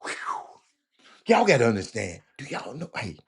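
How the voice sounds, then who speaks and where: A man hosting a casual talk show, rambling and stammering through comments with loud exclamations. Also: medium pitch, wildly swooping pitch, moderate pace, vocal fry, breathy edge.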